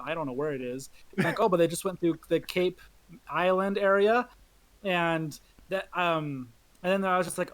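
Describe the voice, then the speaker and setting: Man, podcast co-host, slightly high voice, rambling chat. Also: a bit bright. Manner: rambling, self-interrupting recollection. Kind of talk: casual chat.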